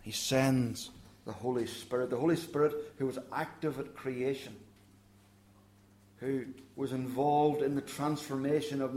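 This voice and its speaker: In a church with a roomy echo, a man with a medium-pitched voice preaches a sermon. He is earnest and direct, and his voice softens when he speaks God's words to the listeners.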